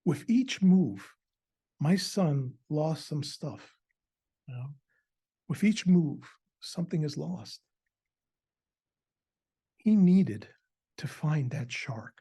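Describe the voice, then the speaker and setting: A man's voice: fairly high pitch, expressive, takes it slowly, long pauses, warm tone, slightly rough. A middle-aged adoptive father telling a personal story at a family event in a conversational way, with frequent fillers and repeated words.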